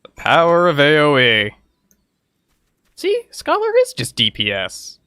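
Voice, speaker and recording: A man's voice: on the high side, wildly swooping pitch, unhurried, pushed and bright, smooth. Playful man streaming a game. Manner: laughing, playful reactions. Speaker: gaming streamer. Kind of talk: casual gameplay commentary.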